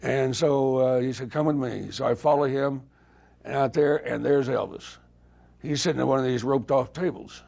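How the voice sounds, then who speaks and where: Older man, gravelly storytelling. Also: mid-range voice, moderate pace. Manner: animated anecdotes, acting out remembered dialogue. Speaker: interview guest, former touring guitarist. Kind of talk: casual storytelling interview.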